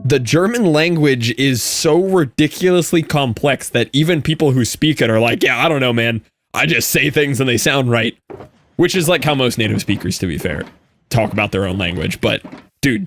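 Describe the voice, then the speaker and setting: A young man streaming a game and chatting casually, telling an animated story with frequent laughs and quick asides. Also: medium pitch. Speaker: Minecraft streamer. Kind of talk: casual live-stream chat with viewers.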